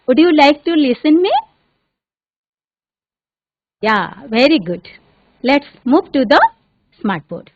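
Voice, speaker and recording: A woman's voice: sits high, sing-song. A woman headmistress with an Indian English accent, teaching an online English class in an encouraging way and repeating her phrases. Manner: encouraging, repeats phrases, recites tongue twisters fast. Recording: narrow phone-like sound.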